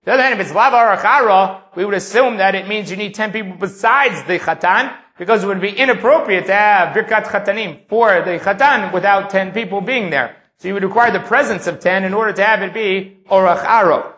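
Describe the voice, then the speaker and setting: A Talmud teacher speaks a little fast with few pauses, his high-pitched voice bright and forceful. He reads Aramaic passages aloud, then translates and explains them in English.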